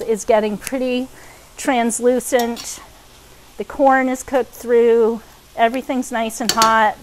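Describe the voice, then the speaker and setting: A woman's voice: fairly high pitch, slight background noise, rough recording. A woman hosting a cooking demonstration, chatty with frequent ums, over pans sizzling and utensils clinking. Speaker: cooking show host. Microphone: wearing a microphone.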